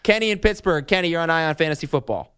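Male sports radio host, slightly high, clean and dry, keeps the show moving. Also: fairly bright tone, smooth, no echo. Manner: brisk, takes calls, moves the show along.

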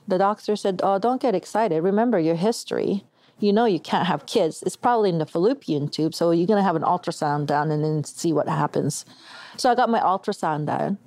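Middle-aged woman from Canada, interview guest, lowish voice, animated storyteller who acts out quotes. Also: no echo. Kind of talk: telling a personal testimony.

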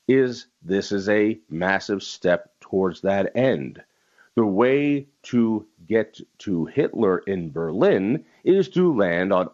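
A man's voice: on the low side, darkish tone, lo-fi sound. A man hosting a talk radio show, delivering a heated political monologue and stressing key words by repeating them.

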